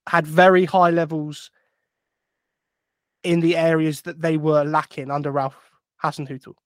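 A man co-hosting a casual football podcast, wry and measured as he walks through quotes. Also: on the high side, little pitch movement, no room sound, studio quality. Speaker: podcast co-host.

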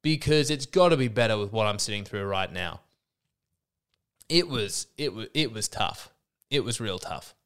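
With a lowish, animated voice that's clean and a bit bright, this man in his thirties talks at normal speed. Hosting a podcast while slightly sick, he gives an exasperated, sarcastic solo rant for comedy, restarting many times.

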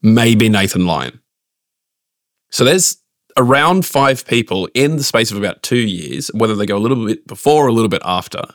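Low-voiced man ranting. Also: expressive, normal speed, dry recording, studio quality. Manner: opinionated, ranting. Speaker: podcast co-host. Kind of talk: casual cricket podcast chat.

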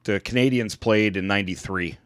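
A man's voice: lowish voice, brisk, dry recording, clean studio sound. A man from the United States co-hosting a podcast, telling stories in casual, profane, sarcastic chat. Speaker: podcast co-host.

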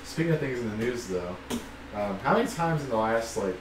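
A man's voice: mid-range voice, expressive, a little fast. Laid-back man chatting in an echoey room. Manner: rambling, profane, laughing often. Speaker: podcast co-host. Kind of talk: casual chat. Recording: echoey room, far from mic, faint noise.

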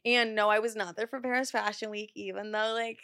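A woman hosting a podcast in casual chat, talking fast and loose with lots of "like" and swearing, and getting heated as she tells a story. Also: a little high, fairly even intonation, a bit bright, dry recording, studio quality. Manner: chatty, profane, heavy use of "like"; gets heated while telling a story. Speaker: podcast host.

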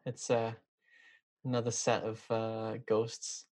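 A man's voice: lowish voice, completely flat delivery, takes it slowly, darkish tone. A man talking casually about a TV series, rambling and hesitant, with many fillers and restarts. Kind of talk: casual chat.

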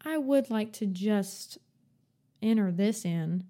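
A woman's voice: medium pitch, lively intonation, very noisy. A woman, co-hosting a casual, rambling book podcast and laughing often. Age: 20s. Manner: chatty, rambling, quick to laugh. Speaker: podcast co-host. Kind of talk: casual book-club chat.

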